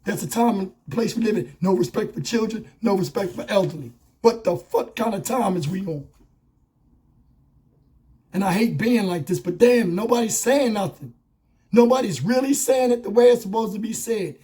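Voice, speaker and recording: Hoarse male vlogger with a high voice, fiery, profane commentary, close lavalier sound. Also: animated, moderate pace, dark tone. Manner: blunt, profane, impassioned ranting. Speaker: YouTube commentator. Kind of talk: angry commentary vlog. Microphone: wireless lavalier.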